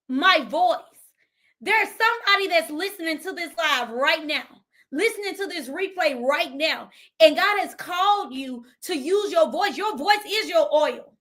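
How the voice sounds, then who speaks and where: A woman's voice: very high-pitched, expressive, a little slow, pushed and bright. A woman from Memphis with a Southern accent, giving an emphatic motivational livestream talk as a business coach, repeating lines for effect. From Memphis, Tennessee, US.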